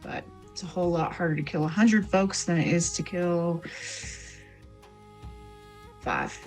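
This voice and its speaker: A woman voicing a weary, streetwise male smuggler who talks in a folksy drawl with rough slang, in tabletop role-play. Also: lowish voice, lively intonation, unhurried, darkish tone, faint music behind. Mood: persuasive.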